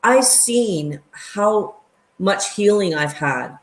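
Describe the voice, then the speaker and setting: A woman's voice: mid-range voice, expressive, drawn-out words. A woman in her fifties, a guest in a casual chat, speaking earnestly and emotionally. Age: 50s. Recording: echoey room.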